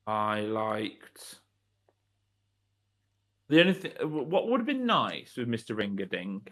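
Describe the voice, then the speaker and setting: A man's voice: lowish voice, very animated, slow pace, fairly bright tone. A man co-hosting a casual podcast chat, giving short, dry answers. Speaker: podcast co-host.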